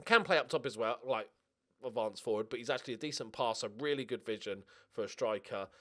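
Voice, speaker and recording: A man's voice: medium pitch, fast talker. Chatty man commentating a sports sim. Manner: chatty, jokey, excitable, swears casually. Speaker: gaming channel host. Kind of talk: casual let's-play commentary.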